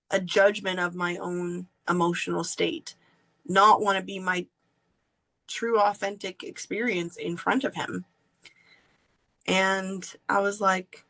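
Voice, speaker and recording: A woman podcast host telling a personal story in an earnest, confessional way with drawn-out pauses. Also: fairly low pitch, steady tone, a bit bright.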